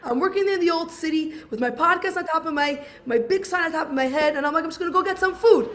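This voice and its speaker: High-voiced Brooklyn woman telling her story. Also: fast, slight background noise. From Brooklyn, USA. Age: 40s. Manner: animated, acts out dialogue, many "I'm like"s. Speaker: speaker sharing her story. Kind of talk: personal storytelling.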